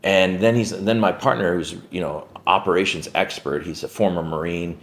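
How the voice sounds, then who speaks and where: A man's voice: low-pitched, moderate pace, fairly bright tone. A man who owns a warehouse business, telling a story to camera in a casual way, full of "like" and "right?" and free swearing.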